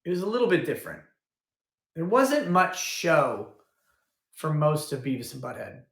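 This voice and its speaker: A man's voice: on the high side, sing-song, normal speed, gravelly, a bit bright. Rambling man on a roomy livestream. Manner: rambling, thinks aloud with restarts. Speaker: livestream host. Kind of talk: casual livestream chat. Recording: roomy echo.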